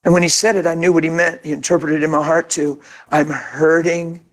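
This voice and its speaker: A man preaching a sermon as pastor, animated and conversational, often laughing and acting out quotes. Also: on the high side, fast talker.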